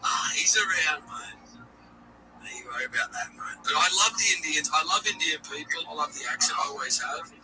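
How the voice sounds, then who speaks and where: A man's voice: on the high side, animated, fairly quick, noisy background. An Australian man cohosting a casual livestream chat, crude and rambling, swearing constantly. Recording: distant voice over music. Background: music playing.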